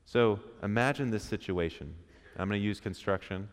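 A man preaches to a men's church gathering in a very low voice. He keeps it conversational, throwing questions to the room and acting out little quotes. His words ring out with a long hall reverb. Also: normal speed. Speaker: speaker at a men's church group. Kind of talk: interactive sermon with questions to the audience.

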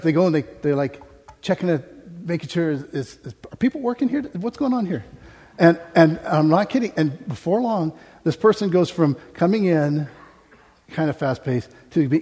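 A man's voice: a little high, mellow, slightly rough. An American man preaching a sermon from a stage microphone, telling funny stories and laughing often. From United States. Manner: humorous, anecdotal, laughs often. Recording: reverberant hall.

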